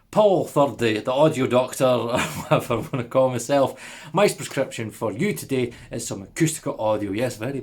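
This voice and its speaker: A man's voice: mid-range voice, slightly rough. A man hosting an audio production video in a casual, jokey, upbeat chat, repeating words for emphasis.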